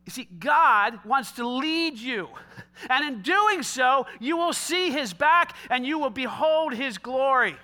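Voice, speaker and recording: A man preaching a sermon as pastor, dramatic and conversational, dropping from loud pleading to hushed quiet, with casual slang asides. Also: very high voice, animated, slow pace.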